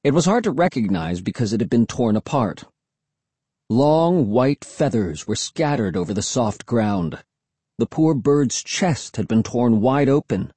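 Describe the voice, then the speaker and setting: Husky male audiobook narrator. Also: mid-range voice, expressive, unhurried, dark tone, no room sound. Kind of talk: first-person audiobook narration.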